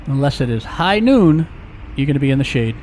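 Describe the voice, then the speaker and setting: A man of mid pitch talks his way through a street walk, tossing out jokes and wandering asides as he goes. Traffic hums faintly behind him in the open air. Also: very animated, brisk, darkish tone. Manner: jokey, rambling asides. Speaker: vlogger, walking tour guide. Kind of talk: casual walking-tour narration. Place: outdoor city streets.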